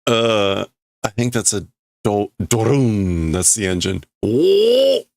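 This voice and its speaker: A man's voice: lowish voice, slow pace, gravelly, no room sound. A man hosting a casual livestream, thinking aloud as he reads and translates a manga. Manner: musing, thinking aloud, laughs softly. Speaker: livestream host.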